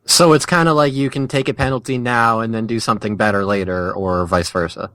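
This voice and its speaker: A man's voice: on the low side, fairly even intonation, a little fast, fairly bright tone, dry recording. A man co-hosting a podcast, chatting casually and making joking, sarcastic asides. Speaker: podcast co-host. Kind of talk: casual gaming chat.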